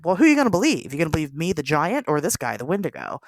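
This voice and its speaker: A woman's voice: low-pitched, sing-song, rapid-fire, dry recording, exaggerated voice. A woman voicing a friendly, hospitable male giant in a folktale she is retelling on a podcast, in a casual, offhand way. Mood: folksy.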